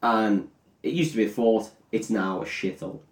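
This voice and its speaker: A man's voice: fairly low pitch, expressive, moderate pace, far from the mic. A tipsy man with a crude, giggly manner, casually retelling a film plot as a podcast co-host. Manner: crude, giggly, swaps into silly character voices. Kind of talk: casual comedic film recap. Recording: echoey room.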